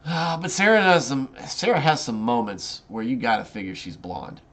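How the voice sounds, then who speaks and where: A man's voice: medium pitch, big pitch swings, normal speed, fairly bright tone. A man hosting a casual Bible study, reading scripture aloud and then commenting informally, often restarting his sentences.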